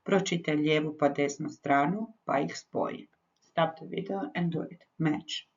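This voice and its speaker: A woman's voice: low voice, moderate pace. A woman English teacher, patiently giving lesson instructions and repeating them in both languages. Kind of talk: recorded English lesson with Croatian explanations. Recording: dull lo-fi recording.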